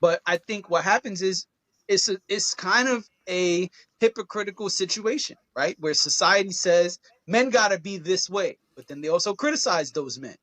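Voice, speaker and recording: A man's voice: high voice, moderate pace, sharp tone, no echo. A man co-hosting a podcast, talking things through in an earnest, conversational way and often checking in with his listeners. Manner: earnest, conversational, often asks "you feel what I'm saying". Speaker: podcast co-host. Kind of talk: casual podcast discussion.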